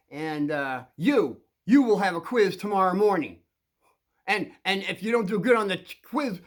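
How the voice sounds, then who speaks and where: A man's voice: sits high, fairly bright tone, pitched above the performer's own voice. A man doing a stern, scolding schoolteacher.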